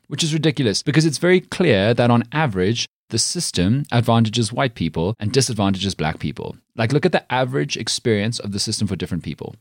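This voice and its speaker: A man's voice: medium pitch, lively intonation, fairly quick, no echo, clean studio sound. A man with a South African accent hosting a comedic news commentary show, talking in an emphatic, indignant way. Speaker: host.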